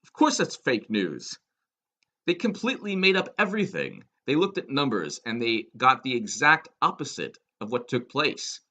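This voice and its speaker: A man's voice: medium pitch, big pitch swings, normal speed, pushed and bright. A man giving a political commentary monologue, sarcastic and emphatic, firing off rhetorical questions.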